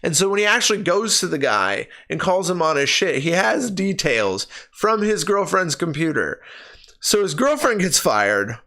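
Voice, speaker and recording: A man's voice: high-pitched, sing-song, moderate pace, pushed and bright. A man giving a casual spoken film review on his stream into his own microphone, ranting in exasperation and swearing freely. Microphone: personal streaming microphone.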